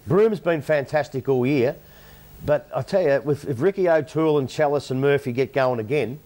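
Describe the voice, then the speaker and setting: A man's voice: mid-range voice, normal speed, mellow. An Australian man on a football panel show giving blunt, opinionated takes. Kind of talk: sports panel commentary.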